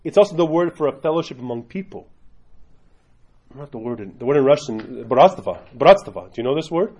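A man's voice: mid-range voice, lively intonation, quick pace, dark tone. A man who is an Orthodox priest, teaching in a loose conversational way and often checking in with "right?". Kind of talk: informal teaching talk.

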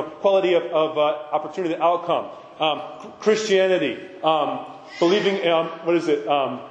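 A middle-aged man with a fairly high voice gives an impassioned, emphatic talk to a parish gathering, repeatedly asking "right?" and insisting he's serious. It's recorded in an echoey hall with long reverb and slight background noise.

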